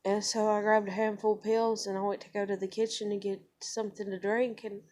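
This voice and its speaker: A woman's voice: medium pitch, little pitch movement, fairly quick, a little mellow. A young woman, telling a personal story to camera in a blunt, profane, conversational way. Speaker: vlogger.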